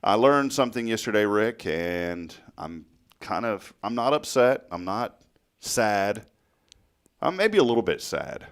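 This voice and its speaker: A man's voice: lowish voice, sing-song, unhurried. A man, hosting a local morning talk show, telling rambling stories full of fillers and laughs. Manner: chatty storyteller, laughs often, many fillers. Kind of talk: casual chat.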